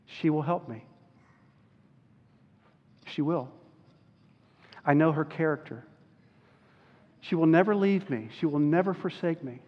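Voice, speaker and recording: A man preaching a sermon as a pastor, earnest and slowing down on key words. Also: a little high. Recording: dull recording with long hall reverb.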